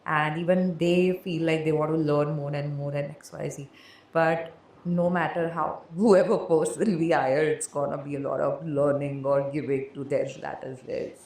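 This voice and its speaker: A woman's voice: low voice, fairly even intonation, normal speed, a little mellow, reverberant, a little hiss or hum. A woman hosting a podcast, talking in a loose, rambling way. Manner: rambling, many fillers, laughs often. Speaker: podcast host. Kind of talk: casual interview chat.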